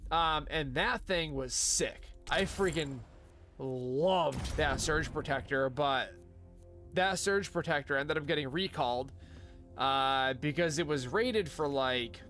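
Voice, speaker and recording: Streaming a game, a young man talks slowly in a fairly bright, somewhat high voice while faint music plays in the background. His casual chat wanders, full of fillers and side comments.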